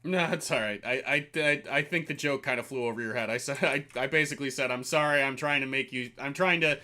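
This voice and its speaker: A woman's voice: extremely low pitch, fast, pushed and bright. A woman co-hosting a livestream who reads donations and talks in a joking, easygoing way. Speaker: co-host reading donations. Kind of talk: livestream reaction chat.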